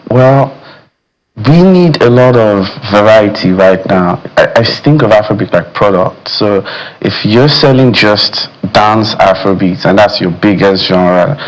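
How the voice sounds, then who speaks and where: A man's voice: fairly low pitch, unhurried, rough recording. A man, a music critic guest on a studio morning show, speaking thoughtfully and filling gaps with "you know". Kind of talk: studio discussion. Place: television studio.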